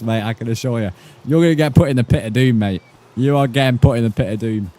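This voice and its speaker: A man with a British accent, giving profane, excitable live commentary while streaming a game. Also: mid-range voice, fast talker. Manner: profane, excitable, mock-outraged. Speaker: gaming streamer.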